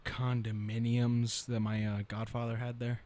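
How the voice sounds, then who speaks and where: A young man co-hosting a casual podcast chat, blunt and profane with quick retorts. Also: mid-range voice, flat delivery, a little mellow. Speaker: podcast co-host.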